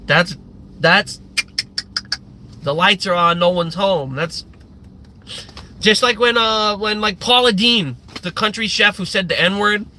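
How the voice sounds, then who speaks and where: A man's voice: high voice, slow pace, long pauses, sharp tone, slight background noise, rough recording. A man from the Midwest US, a live streamer, ranting casually and profanely and wandering off on tangents. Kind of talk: casual livestream rant.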